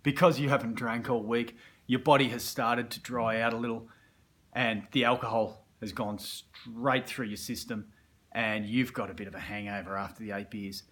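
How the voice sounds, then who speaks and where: An Australian man speaking with a bright, sharp-edged timbre at an ordinary pitch. He tells a self-improvement story in a colloquial, animated way and acts out the scenes he describes. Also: normal speed. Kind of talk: motivational storytelling.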